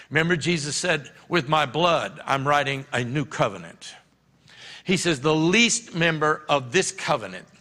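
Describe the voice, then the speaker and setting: A man's voice: mid-range voice, pushed and bright. A middle-aged man preaching a sermon as pastor, telling folksy stories and laughing often. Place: church sanctuary. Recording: long hall reverb.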